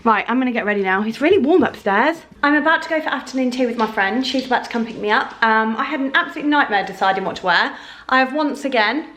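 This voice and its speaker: A woman's voice: a little high, expressive, fast, a bit bright, slight background noise. A woman with a British accent chatting casually to camera at home in a rambling, waffling way. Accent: British English. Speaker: lifestyle vlogger. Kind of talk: casual vlog chat to camera. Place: at home, indoors.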